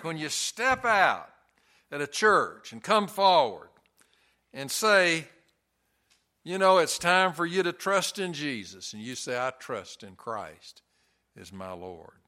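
A man's voice: fairly high pitch, big pitch swings, unhurried, sharp tone. A man preaching a sermon in a church, earnest and folksy, telling stories with touches of humor. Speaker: pastor.

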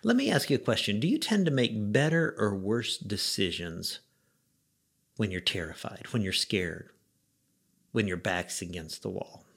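A man who is a pastor, giving a radio devotional message in an earnest, conversational storytelling way with lively emphasis. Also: lowish voice, a little slow, creaky, breathy edge.

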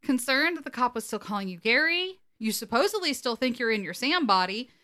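A woman co-hosting a podcast, casually recapping an episode with animated, laughing delivery. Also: fairly high pitch, fairly quick. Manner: animated, acts out quotes, laughs often. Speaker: podcast co-host.

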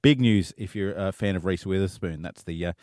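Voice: deep voice, darkish tone, dry recording, studio quality. A radio co-host joking and playing along in banter. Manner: joking, quick to play along.

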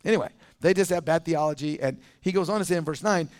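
High-voiced pastor preaching casually. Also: male voice, fast, clear, resonant tone. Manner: conversational preaching, acts out quoted voices. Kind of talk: sermon.

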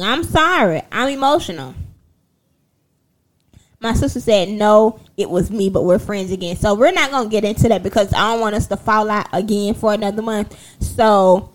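A young woman, chatting casually and sassily to her viewers, telling a story in an animated way with laughter. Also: a little high. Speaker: livestream host.

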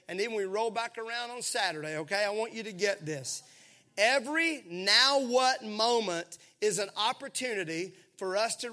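A man preaching a sermon, animated and calling on the congregation to answer back. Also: high-pitched. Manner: animated, calls for congregation responses. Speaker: pastor.

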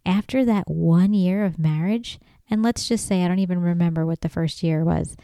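A woman hosting a podcast alone, ranting in a casual, profane way, getting loud and emphatic as she goes. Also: lowish voice, normal speed, no echo. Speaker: podcast host. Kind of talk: casual solo monologue.

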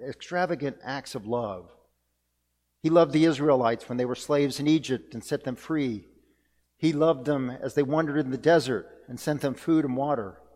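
A man's voice: a little high, darkish tone. A man delivering a sermon as pastor, earnest and reflective, repeating key phrases for emphasis. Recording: long reverb of a church hall.

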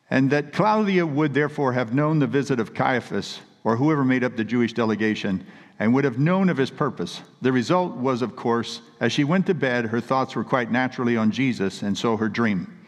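A man preaching a sermon with earnest, emphatic storytelling. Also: medium pitch. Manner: earnest, emphatic storytelling with read scripture quotes. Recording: long reverb of a large hall.

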